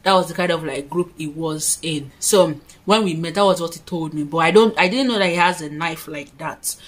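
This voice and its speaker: A woman's voice: sits low, fairly quick. A woman tells a story to her viewers from her room, addressing them often and doing her makeup as she talks. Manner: chatty, dramatic storytelling with frequent asides to viewers. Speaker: vlogger. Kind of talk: casual storytime. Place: her own room, indoors.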